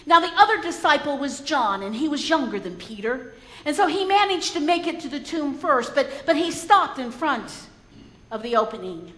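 A woman preacher with a high voice tells a story from the pulpit, earnest and reflective. She often repeats words as she gathers her thoughts. The room is roomy and echoing, with a long reverb trailing after her. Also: big pitch swings, normal speed, fairly bright tone. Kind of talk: sermon storytelling. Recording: echoey hall.

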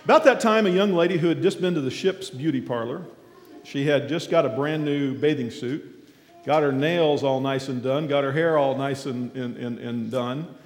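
A man speaking as a guest at a church, telling a folksy story as a sermon. He talks haltingly with many fillers, then gets lively and shouts out the characters' cries. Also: medium pitch. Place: large echoing church hall. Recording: echoey hall with long reverb.

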